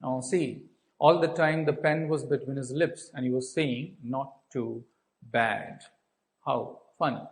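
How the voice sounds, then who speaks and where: This Indian English-accented man has a slightly high voice, a steady tone, and a moderate pace, captured on low-quality audio. Walking students through a textbook story, he asks his own questions, answers them, repeats his points, and leans on "uh" and "so."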